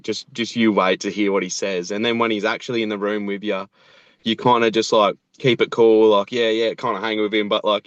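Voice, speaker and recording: An Australian man in his thirties, laid-back and rambling, who swears freely in casual chat. His voice is fairly low and sits dry and close, with a dull, lo-fi tone. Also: fairly bright tone, clear, resonant tone, no room sound. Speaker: animator and show creator, guest.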